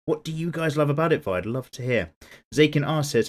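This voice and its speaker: A man's voice: fairly high pitch, fairly quick. A man, chatting casually while drawing and answering viewer comments in a laid-back, playfully indignant way. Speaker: art YouTuber.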